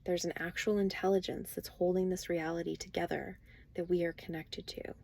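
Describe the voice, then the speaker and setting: Rambling woman with a gravelly voice. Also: fairly low pitch, flat delivery, fairly quick, darkish tone. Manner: rambling, profane, conversational. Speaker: vlogger. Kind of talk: casual spiritual monologue.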